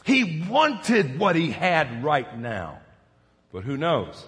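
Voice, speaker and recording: A middle-aged man preaching a sermon, telling stories and swinging from soft, quiet passages to loud, emphatic peaks. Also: fairly high pitch, huge pitch swings, takes it slowly, long reverb tail. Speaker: pastor.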